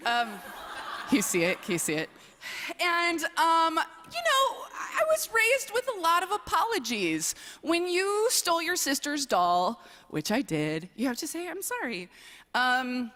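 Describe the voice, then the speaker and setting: A young woman from southern Wisconsin, a speech coach, gives a playful, self-deprecating personal talk at a college chapel service, saying "um" a lot. Her high voice swoops wildly in pitch at a measured pace, sounding pushed and bright, with long reverb from the large chapel.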